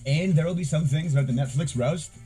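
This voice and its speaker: A man's voice: fairly high pitch, fast talker, dark tone, soft background music. A man giving chatty, earnest comedy commentary in a video clip that is being played back.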